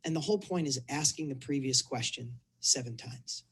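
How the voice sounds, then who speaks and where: A middle-aged man, a coach, telling a personal story in a casual interview, animated and acting out the dialogue. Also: medium pitch, normal speed, breathy edge. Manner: animated storyteller, acts out dialogue, repeats words. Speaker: business and fitness coach telling his story.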